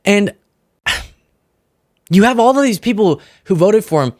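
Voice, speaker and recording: A young man hosts a political commentary show in a high-sitting voice, speaking slowly with clean, echo-free studio sound. His monologue is sarcastic and animated, mocking opponents by putting on voices.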